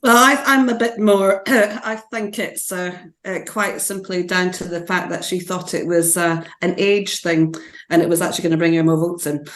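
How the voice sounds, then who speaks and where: A woman campaigner talking as a guest in an interview, hesitant and filling pauses with many "uh"s. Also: lowish voice, steady tone. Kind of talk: casual interview chat. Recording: echoey room.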